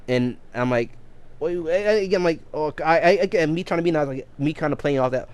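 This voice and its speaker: A man's voice: a little high, quick pace, clear, resonant tone. A man casually telling a long story on a game livestream, rambling with many restarts and self-corrections. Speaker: game streamer.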